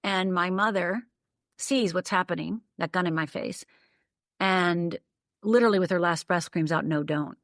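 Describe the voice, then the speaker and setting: Older woman from the upper midwest, lower voice, tells her story vivid and punchy. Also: moderate pace, no room sound, studio quality. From Upper Michigan, USA. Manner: vivid, detailed, emphatic storytelling. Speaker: podcast guest. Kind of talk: personal storytelling in conversation.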